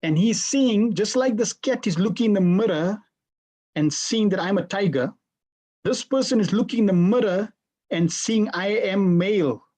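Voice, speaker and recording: Husky, mid-pitched class teacher, interactive and questioning, video-call lesson. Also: moderate pace, darkish tone. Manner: questions the class and repeats answers back.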